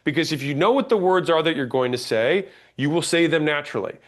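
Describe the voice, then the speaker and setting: A man teaching a sales class, blunt and emphatic, demonstrating pauses and rising inflection as he explains. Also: a little high. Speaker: sales trainer. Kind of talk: instructional talk on sales tonality.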